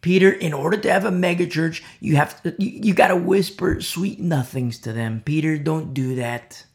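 A man preaching who mockingly voices a smooth-talking male megachurch pastor in a wheedling tone. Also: a little high, moderate pace. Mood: coaxing.

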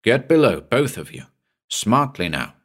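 A man reading a story, voicing a stern ship's captain who shouts orders into the fog. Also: lowish voice, very animated, unhurried, exaggerated voice. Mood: urgent. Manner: shouting sternly, urgent commands.

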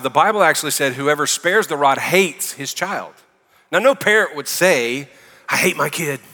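A man's voice: a little high, sharp tone. A male pastor with a Southern US accent preaching a sermon in a conversational way, with joking asides. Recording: long hall reverb.

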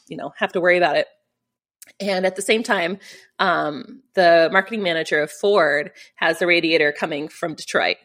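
Middle-aged woman interviewee, slightly low voice, animated storyteller. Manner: animated, acts out quotes, many fillers. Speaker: rally competitor.

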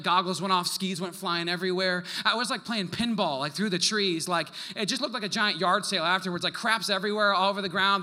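A young adult man preaching a sermon to a congregation, telling stories in an animated way with quick asides and laughs. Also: high voice. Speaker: pastor.

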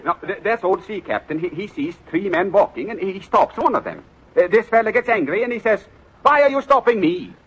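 An actor playing a pompous, self-important student with a husky voice, in a 1940s radio sitcom. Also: male voice, high-pitched, expressive, a little fast, slight background noise. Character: pompous Swedish know-it-all student. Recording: muffled old radio broadcast.

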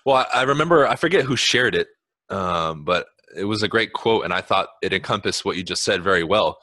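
A man co-hosting a podcast, talking in a relaxed, slangy and preachy way. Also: sits low, brisk, dry recording, clean studio sound. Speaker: podcast co-host. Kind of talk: casual chat.

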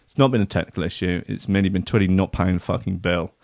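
A man's voice: low-pitched, quick pace, vocal fry, a little mellow, no echo, clean studio sound. A man, working as a radio DJ, chatting casually and ranting sarcastically between records with plenty of swearing.

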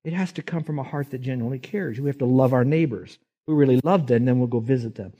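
A man's voice: medium pitch, quick pace, warm tone, muffled recording. A man preaching a sermon, folksy and emphatic, posing rhetorical questions to his listeners. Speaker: pastor.

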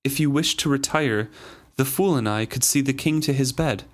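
A man reading the first-person lines of a loyal young assassin, speaking softly and gently. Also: medium pitch, moderate pace, lightly acted. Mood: gentle. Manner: soft, gentle delivery.

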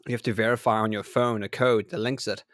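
Brief: man, podcast co-host, animated incredulous venting, dry close sound. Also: fairly low pitch, quick pace, no room sound. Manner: animated, incredulous rants with laughs. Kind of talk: casual chat.

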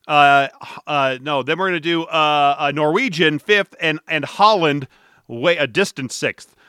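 A man's voice: on the high side, unhurried, pushed and bright, smooth, no echo, studio quality. A man hosting a podcast who tells stories casually, rambling and cutting himself off, with an amused tone. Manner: rambling, self-interrupting, amused. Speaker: podcast host. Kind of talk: casual storytelling monologue.

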